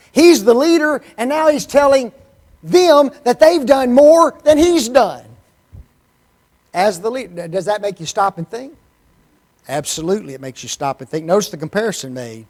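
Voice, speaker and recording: High-voiced preacher, animated and questioning. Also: male voice, measured pace. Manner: animated, asks the congregation rhetorical questions. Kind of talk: sermon. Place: church.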